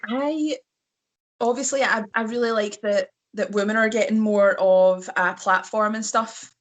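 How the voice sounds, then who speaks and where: With an unhurried pace and steady tone in a mid-range voice, a Scottish wrestler makes casual guest conversation. Her voice is slightly hoarse, and she laughs a lot between fillers.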